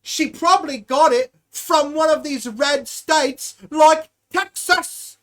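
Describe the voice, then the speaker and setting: A young-adult podcast host ranting sarcastically and profanely on a live stream, swinging between loud outbursts and mutters. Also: high voice, takes it slowly.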